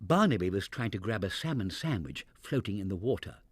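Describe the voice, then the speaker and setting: A man reading a children's storybook aloud in an expressive, animated manner into a close mic. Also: fairly low pitch, fairly quick, husky, dry recording.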